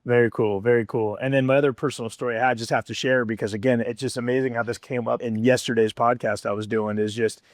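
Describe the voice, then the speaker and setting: Quick enthusiastic male podcast host. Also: medium pitch, fairly even intonation, no room sound, studio quality. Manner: enthusiastic, rambling questions. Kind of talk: podcast interview.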